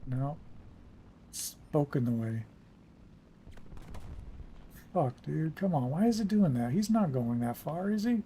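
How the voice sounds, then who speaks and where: A young man talks his way through a naval battle game in an unhurried drawl. His voice sits slightly high, and he mutters and curses under his breath as things go wrong. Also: lively intonation, dark tone, a little hiss or hum. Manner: swearing, muttering reactions to the game. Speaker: gaming streamer. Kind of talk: casual gameplay commentary.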